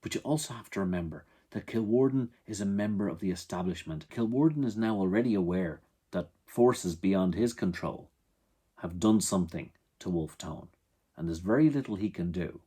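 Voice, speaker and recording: Brief: Irish male storyteller, low husky voice, wry and animated lecture delivery. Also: moderate pace. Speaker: historical entertainer.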